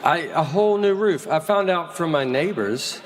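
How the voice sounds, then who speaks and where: A man in his forties performing stand-up comedy in a large theater, telling stories in a dry, deadpan way that climbs into exasperated rants. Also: normal speed, very noisy. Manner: dry, deadpan storytelling that rises into exasperated high-pitched rants. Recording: live theater recording with long hall reverb. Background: audience laughter.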